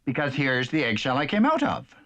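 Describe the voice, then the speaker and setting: A man's voice: medium pitch, big pitch swings, a little fast, gravelly, fairly bright tone, highs cut off. A man voicing a newborn male chick in a children's cartoon, speaking with earnest, childlike wonder. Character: tiny newborn male chick, innocent, eager.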